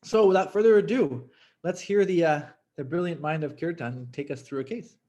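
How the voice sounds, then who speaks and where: A man hosting a clinical case conference on a video call, talking in a chatty, lively way and thinking aloud with fillers. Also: a little high, moderate pace. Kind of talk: casual, talkative teaching.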